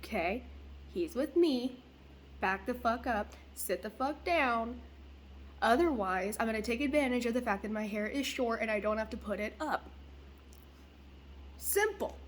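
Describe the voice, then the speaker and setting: A woman's voice: a little high, lively intonation, measured pace, pauses often, slight background noise. Blunt, profane young woman ranting. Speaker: vlogger. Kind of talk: casual venting vlog.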